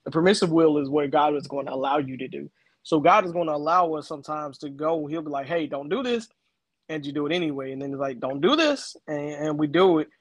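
A man's voice: fairly high pitch, animated, fast talker, no room sound. A middle-aged man co-hosting a casual faith talk, explaining with personal stories and everyday examples. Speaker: co-host.

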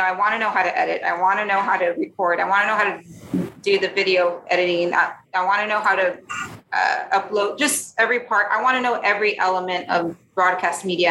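A woman in her thirties speaking candidly as a podcast guest, earnest and halting, with many restarts, growing emotional about her story. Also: medium pitch, bright, forceful tone. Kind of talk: candid conversational interview. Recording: echoey room, faint background noise.

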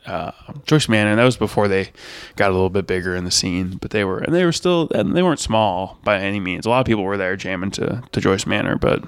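Low-voiced man rambling about music. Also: lively intonation, quick pace, clean tone, no room sound. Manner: rambling and enthusiastic, many fillers. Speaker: podcast host. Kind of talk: solo podcast music review.

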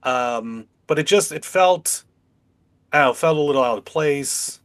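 A man with a rather high, animated voice speaks a little slowly while co-hosting a casual podcast chat. He tells stories with small laughs and acts out dialogue, quoting other people.

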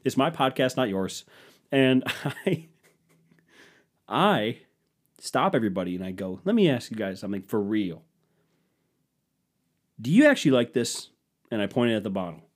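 A man's voice: medium pitch, sing-song, normal speed, long pauses. A man hosting his own podcast, telling stories in a profane, sarcastic rant. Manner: profane, sarcastic, ranting storyteller. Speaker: podcast host.

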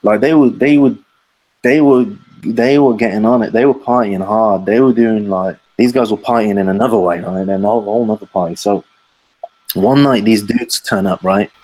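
A man's voice: fairly low pitch, fairly even intonation, normal speed, a little mellow, low-quality recording. Slangy man telling a story. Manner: rambling, slangy, acts out the voices of the people in his story. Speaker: podcast guest storyteller. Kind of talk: casual anecdote telling.

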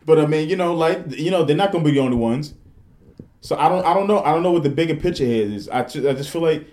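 A man, hosting a casual podcast and telling stories in a profane, animated way, full of restarts. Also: fairly high pitch, quick pace. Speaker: podcast host.

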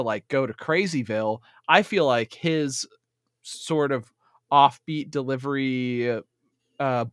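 A man's voice: medium pitch, a bit bright, no echo, clean studio sound. A man co-hosting a casual movie review chat, laid-back and joking, trailing off with fillers. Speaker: podcast co-host.

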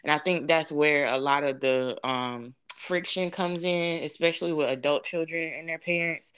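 A woman's voice: low-pitched, moderate pace, a bit bright, clear, resonant tone. A young woman speaking as a podcast guest, telling her story in an earnest, reflective way with many fillers. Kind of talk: candid conversational storytelling.

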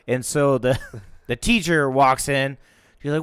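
A man telling a story in a casual chat, animated and laughing as he talks. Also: mid-range voice, moderate pace, smooth, no echo, studio quality.

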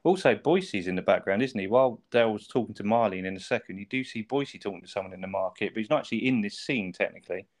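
Fast-talking man, low voice. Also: lively intonation. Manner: chatty, swears, laughs often, asks tag questions. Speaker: podcast co-host. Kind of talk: casual chat.

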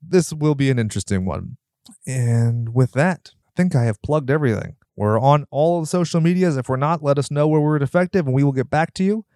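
A man's voice: mid-range voice, animated, brisk, mellow, no echo, clean studio sound. Nasal, joking male podcast host. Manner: joking, rambling, self-deprecating. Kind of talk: casual podcast outro and plugs.

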